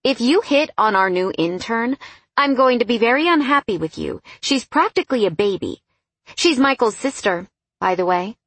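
A woman voicing a composed young woman who speaks in a measured, restrained way. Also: fairly high pitch, lively intonation, a bit bright, breathy edge, dry recording, pitched above the performer's own voice, full character voice.

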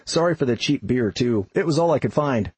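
A man's voice: mid-range voice, lively intonation, brisk, darkish tone, husky, no echo. A man doing a blunt Boston hiking buddy. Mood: matter-of-fact. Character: easygoing adult male hiking buddy.

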